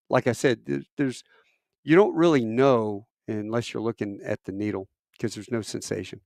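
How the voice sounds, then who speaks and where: A middle-aged man, a military veteran, telling a long personal story in a casual, animated way, with self-deprecating asides and rambling fillers. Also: moderate pace, gravelly, no echo, studio quality. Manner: animated, acts out quoted voices with big pitch jumps.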